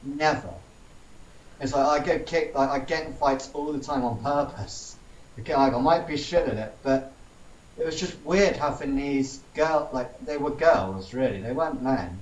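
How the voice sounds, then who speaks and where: A man's voice: mid-range voice, moderate pace. A man, chatting casually and acting out the people he retells. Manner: animated storytelling, acts out quoted people. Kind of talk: casual chat. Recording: roomy, distant mic with faint ambience.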